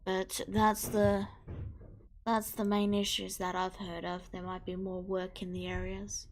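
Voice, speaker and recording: A woman voicing a helpful male quest-giving official in a tabletop game, in a plain, informative way and an unhurried manner. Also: mid-range voice, completely flat delivery, darkish tone, close to an everyday voice.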